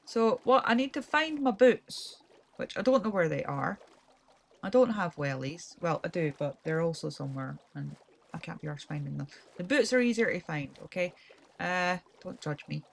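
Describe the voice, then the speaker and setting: A woman's voice: lowish voice, expressive, normal speed, vocal fry. A woman with a Scottish accent chatting casually while commentating her gameplay, rambling and self-deprecating. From Scotland. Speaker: gaming streamer.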